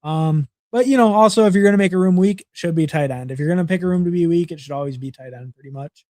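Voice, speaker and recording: A man's voice: on the high side, fast, darkish tone, no room sound, studio quality. A young man hosting a livestream, casually reviewing fantasy football draft picks and rambling with lots of fillers and repeated words.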